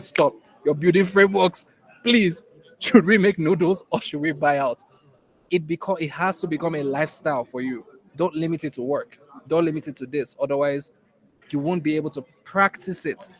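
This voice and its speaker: A man with a Nigerian accent gives a classroom lecture in a somewhat high voice. He talks emphatically and repeats key lines for weight. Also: low-quality recording. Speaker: innovation program instructor.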